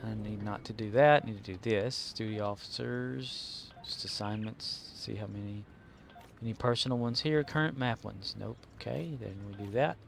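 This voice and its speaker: A man's voice: fairly low pitch, moderate pace, creaky, slight background noise. Rambling joking male game streamer. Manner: rambling, jokey, mutters to himself. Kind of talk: casual live-stream commentary.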